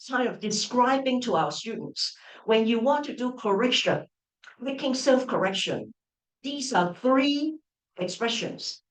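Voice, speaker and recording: A woman lecturer giving an academic talk, full of fillers and restarts, often checking in with the audience. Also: a little high. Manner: hesitant, with many restarts and fillers, checking in with "all right?". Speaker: university lecturer. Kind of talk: academic lecture at an open day. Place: lecture room. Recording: echoey room, voice from a distance.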